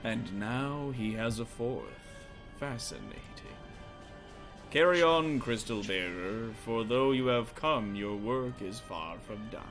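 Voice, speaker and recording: A man voicing a cold, condescending imperial lord who speaks in a hushed, measured, sinister way. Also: mid-range voice, animated, music in the background, voice pushed down. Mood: scheming.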